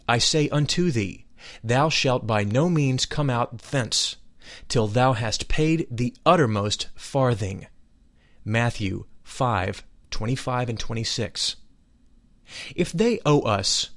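A man giving a solemn, measured reading of a spiritual text, dwelling deliberately on each phrase. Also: mid-range voice. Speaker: reader of spiritual teachings.

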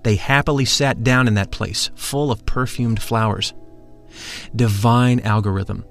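A man reading an audiobook in a solemn, measured way. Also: mid-range voice. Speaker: audiobook narrator. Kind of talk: scripted narration.

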